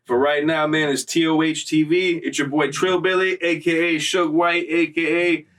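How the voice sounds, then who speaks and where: A man hosting his own vlog, telling prison stories in slangy, profane, animated casual talk. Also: a little high, moderate pace, far from the mic. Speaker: vlog host. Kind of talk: casual storytelling.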